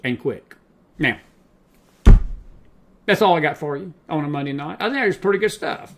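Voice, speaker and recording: A man hosting a late-night talk show, impassioned and preachy, slowing down to drive his points home. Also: a little high, expressive, a bit bright.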